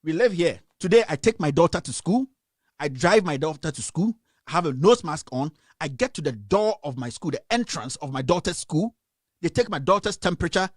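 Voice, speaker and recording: A man's voice: a little high, animated, fairly quick, no room sound, studio quality. A Ghanaian man hosting a radio stream, giving angry, impassioned news commentary and repeating himself. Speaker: radio host. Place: home in the United States.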